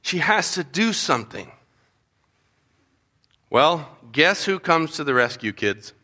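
A man preaching a Bible story to children, animated and acting out the voices of the people in it. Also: a little high, slow pace. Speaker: children's pastor. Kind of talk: storytelling sermon.

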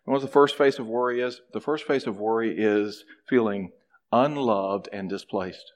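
A man preaching a sermon, animated, acting out a character's complaints in a raised voice. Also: lowish voice, moderate pace. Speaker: pastor.

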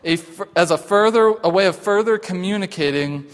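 A male pastor gives an informal sermon with a somewhat raised pitch. He speaks in a halting, conversational way, full of restarts and filler sounds. His voice carries a long echo through a church sanctuary. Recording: long hall reverb.

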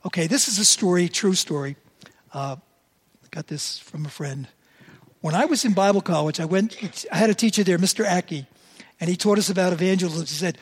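A man's voice: sits high, fairly quick, breathy edge. Older man preaching in casual storytelling. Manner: conversational storytelling, voices quotes animatedly. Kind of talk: sermon.

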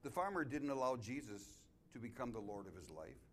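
A middle-aged male pastor preaching a sermon in church, telling a story with many restarts and building to loud, emphatic climaxes. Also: medium pitch, sing-song, a little fast. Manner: storytelling, repeats and restarts phrases, rises to loud emphatic peaks.

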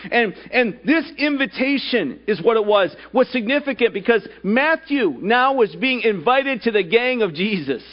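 A man's voice: very high-pitched, muffled recording. A male pastor preaching a sermon at a church service, putting rhetorical questions to the congregation.

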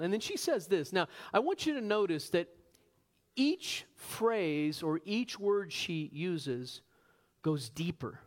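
A man preaching a sermon as pastor, animated, asking the congregation rhetorical questions and slowing down for emphasis. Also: sits high. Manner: varies pace, slows for emphasis.

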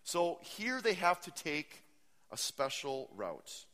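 Animated male preacher in a reverberant hall. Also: on the high side, slow pace. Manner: animated preaching, swinging from loud to hushed; reads scripture aloud and stops to comment. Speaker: pastor. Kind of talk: sermon.

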